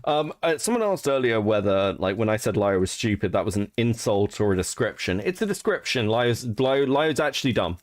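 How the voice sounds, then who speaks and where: A man's voice: lowish voice, big pitch swings, brisk, hardly any pauses. A man hosting a commentary stream, blunt and sarcastic, swearing freely. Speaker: stream host.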